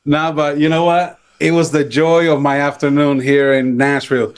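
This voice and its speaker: A man's voice: a little high, flat delivery, normal speed, clean tone. A man from Puerto Rico, a guest drummer, chatting playfully and laughing on a video call from his music room. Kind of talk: casual interview on video call.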